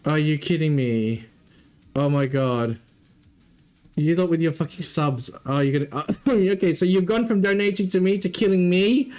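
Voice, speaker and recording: A man hosting a live stream, laughing often and getting excited and loud over donations. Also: medium pitch. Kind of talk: casual live-stream chat. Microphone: desk mic close up.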